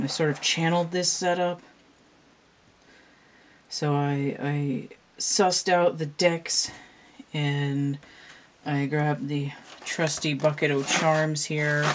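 A woman's voice: deep voice, slight background noise. Rambling woman talking to camera. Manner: rambling, hesitant, many fillers and restarts. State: slightly out of breath. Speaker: channel host and tarot reader. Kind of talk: casual show-and-tell talk to camera.

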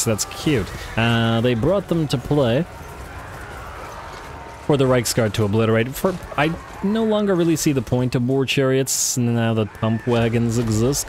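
A man with a somewhat low voice talks through a strategy game in a relaxed, thinking-aloud way, with plenty of pauses and filler sounds. His voice sounds a little hoarse. A faint hum sits under the recording. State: losing his voice. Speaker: gaming YouTuber. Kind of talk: let's play commentary.

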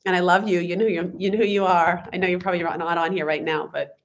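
A woman's voice: lowish voice, steady tone, fast. A woman co-hosting a live stream, congested and sniffly, chatting loosely with many fillers and restarts as she reads out viewer comments. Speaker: channel co-host.

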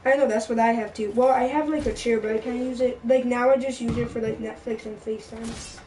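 A woman's voice: on the high side, steady tone, fairly quick, mellow, distant mic. A woman in casual gaming chat who rambles, giggles and acts out little bits of dialogue. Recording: echoey room, off-mic, light noise.

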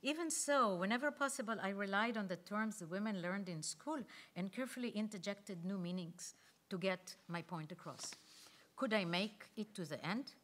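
A woman and conference speaker reading her own memoir aloud, measured and reflective, with pauses. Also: mid-range voice, fairly bright tone.

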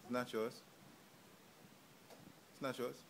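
A man's voice: medium pitch, flat delivery, slow pace, vocal fry, slight background noise. A man chatting playfully with a baby, teasing it in mock-tough banter and coaxing it to talk. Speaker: adult playing with a toddler.

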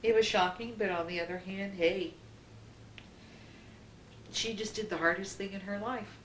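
A woman's voice: mid-range voice, fairly even intonation, normal speed, slight background noise, rough recording. A mother speaking candidly and wryly in an interview about her child coming out. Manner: candid, wry, teasing.

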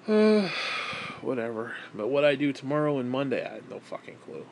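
A man's voice: medium pitch, lively intonation, fast, slight background noise. A man rambling casually on camera, swearing often and switching into baby talk with his pet. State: broke and frustrated. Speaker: vlogger.

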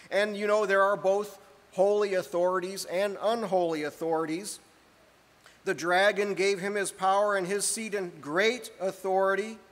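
A man preaching an earnest sermon, reading scripture aloud and often clearing his throat. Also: sits high, a bit bright. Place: church hall. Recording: long hall reverb.

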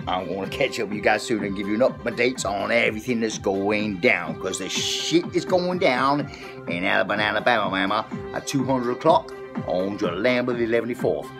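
A man's voice: lowish voice, lively intonation, normal speed. A man doing a rambling, profane comic rant as a vlogger, repeating a drawling catchphrase. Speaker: comedy vlogger. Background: epic background music.

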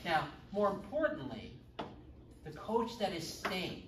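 A man's voice: sits high, sing-song, takes it slowly, background noise. A middle-aged man teaching a church confirmation class in a chatty way, joking with his students. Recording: echoey room, far from the mic.

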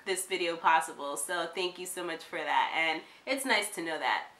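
A woman's voice: on the low side, normal speed, bright, forceful tone. A woman, the vlogger's wife, chatting casually and teasing her family with a laugh. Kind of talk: casual chat. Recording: echoey room.

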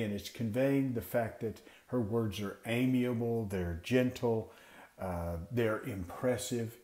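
Man, Bible teacher, mellow voice, echoey room, asks and answers his own questions. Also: lowish voice. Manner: explanatory, asks questions and answers them himself. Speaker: Bible teacher training class leaders. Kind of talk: teaching talk for Sunday school teachers.

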